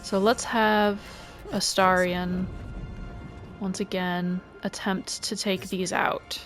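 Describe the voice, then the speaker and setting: Woman, let's play host, slow pace, quiet muttering, frustrated asides, faint music. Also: medium pitch, flat delivery. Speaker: gaming video host.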